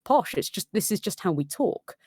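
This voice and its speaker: A woman's voice: mid-range voice, moderate pace, husky, no echo, studio quality. A woman with a modern, neutral English RP accent and slight London sounds, chatting animatedly on a livestream panel. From London, England. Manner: animated, acts out quoted voices. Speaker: audio drama maker on a livestream. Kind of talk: casual panel chat.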